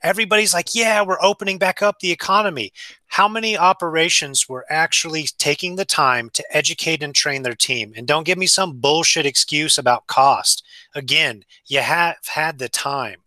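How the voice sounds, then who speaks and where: Blunt, emphatic man with a sharp voice. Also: on the high side, normal speed, no room sound. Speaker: food safety trainer. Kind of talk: casual podcast chat.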